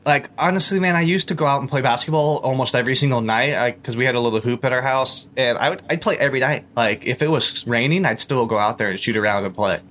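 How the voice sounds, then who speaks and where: A man's voice: medium pitch, quick pace, hardly any pauses, fairly bright tone. A young man chats casually as a podcast guest, his mid-range voice wandering through fillers and restarts. He talks in a loose, rambling way, circling back on his own thoughts. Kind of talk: casual chat.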